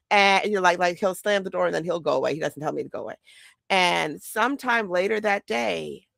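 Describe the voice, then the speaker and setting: Blunt gravelly-voiced woman, dry sound. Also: lowish voice, brisk, dry recording. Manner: blunt, animated, quotes others in acted voices. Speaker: mother and podcast host. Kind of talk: casual monologue.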